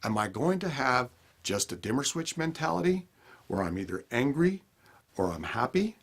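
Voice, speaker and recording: Husky man with a lively voice. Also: medium pitch, moderate pace. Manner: animated, acts out everyday scenes. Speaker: life lesson speaker. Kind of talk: motivational talk.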